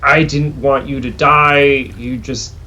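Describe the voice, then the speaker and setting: A man voicing a grieving, guilt-stricken young male wizard, speaking his thoughts quietly. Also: mid-range voice, steady tone, takes it slowly. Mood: anguished.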